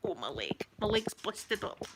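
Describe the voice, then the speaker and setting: A Scottish woman vlogger chatting casually with her viewers, talkative and quick to laugh at herself. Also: mid-range voice, big pitch swings, background noise. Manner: chatty, laughs often, self-mocking. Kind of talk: casual live-stream chat.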